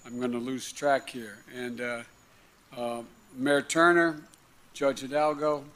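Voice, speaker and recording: A man's voice: medium pitch, little pitch movement, slow pace, a bit bright. A male politician making public remarks, stumbling over names and losing track.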